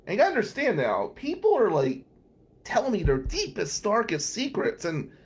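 A man from New Jersey hosting a radio talk show, telling a personal story in an animated way and laughing at his own tale. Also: high voice, moderate pace, breathy edge.

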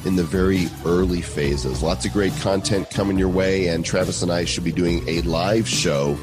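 A man co-hosting a podcast in relaxed, chatty talk with frequent fillers. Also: deep voice, moderate pace, music in the background. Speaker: podcast co-host. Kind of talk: casual podcast chat.

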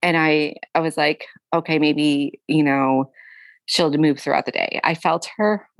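Young woman guest, low-ish voice, dry close sound, talks in halting emotional bursts. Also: fairly even intonation, no echo. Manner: halting, emotional, often quoting herself; frequent fillers and restarts. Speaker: guest sharing a personal story. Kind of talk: candid conversational storytelling.

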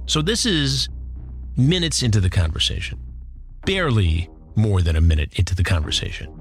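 A man's voice: fairly low pitch, sing-song, normal speed, soft background music. A man hosting a commentary show, retelling a case in an indignant, worked-up way. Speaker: host. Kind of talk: commentary podcast.

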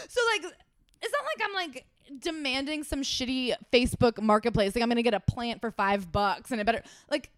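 A young woman co-hosting a podcast, telling an animated story with swearing and acted-out dialogue. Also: a little high, moderate pace, no echo. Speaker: podcast co-host. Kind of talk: casual chat.

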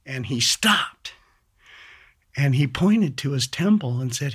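A man slowly recounting a violent attack in first person, measured and deliberate, rising sharply when he quotes shouts. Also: mid-range voice, slightly rough. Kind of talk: slow first-person storytelling.

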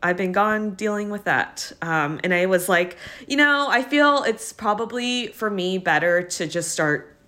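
A young woman co-hosting a podcast, talking casually and haltingly with many fillers, teary and laughing through it. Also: medium pitch, animated, pushed and bright. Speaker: podcast co-host. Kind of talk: casual chat.

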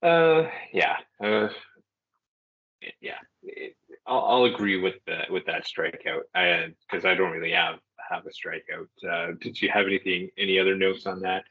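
A man's voice: low voice, normal speed, slightly rough, phone-quality sound. A man co-hosting a sports podcast in casual chat, hesitant and full of fillers as he weighs his opinions. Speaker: podcast co-host.

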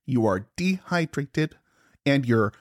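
A man's voice: mid-range voice, animated, slow pace, dry recording, clean studio sound. A man co-hosting a podcast in casual chat, playful and teasing. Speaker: podcast co-host.

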